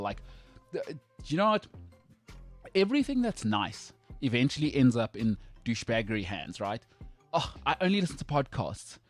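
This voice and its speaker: A man's voice: mid-range voice, a little mellow. A man hosting a sports talk show, ranting in a brash, emphatic and jokey way. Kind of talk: opinionated sports talk banter.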